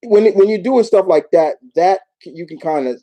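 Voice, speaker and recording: A man from New York hosting a casual live Q&A, talking in a rambling, animated way with many restarts. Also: high voice, moderate pace, low-quality recording. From New York, United States. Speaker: YouTube show host.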